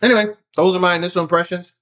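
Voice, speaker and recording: A man hosting a casual review vlog, chatting off the cuff. His voice sits a little higher than most men's, and he thinks out loud, trailing into fillers and correcting himself as he goes. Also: fairly even intonation, very fast. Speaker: fragrance reviewer, channel host.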